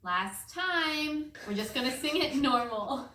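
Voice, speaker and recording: Woman tutor, unhurried chants and songs for kids, playful and coaxing, slightly high, echoey room, far from the mic. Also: expressive, pushed and bright, a little hiss or hum. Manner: playful, coaxing children to repeat in silly voices. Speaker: homeschool memory-work tutor. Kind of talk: call-and-response memory drills with songs and chants.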